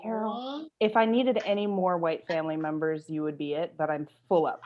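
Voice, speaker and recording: Low-voiced woman doing wry stand-up. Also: steady tone, normal speed, muffled recording, crowd noise. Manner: wry, self-mocking punchlines. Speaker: stand-up comedian. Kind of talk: stand-up set. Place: at home on a video call. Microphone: video call.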